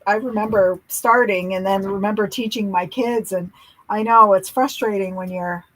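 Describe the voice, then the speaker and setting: A woman's voice: medium pitch, steady tone, moderate pace, poor audio. A middle-aged woman, a guest on a live stream, chatting in an upbeat, encouraging way. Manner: encouraging, upbeat, laughs often. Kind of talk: casual chat.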